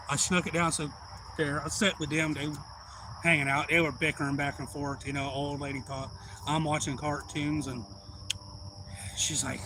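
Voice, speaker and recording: A man's voice: on the high side, little pitch movement, moderate pace, long pauses, noisy background. A man telling a rambling family story on a livestream, folksy and swearing freely. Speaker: livestream host. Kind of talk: casual storytelling.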